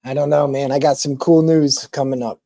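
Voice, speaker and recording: A man's voice: medium pitch, little pitch movement, fairly quick, mellow, dry recording. A man chatting casually with viewers on a live stream, rambling with lots of ums and restarts.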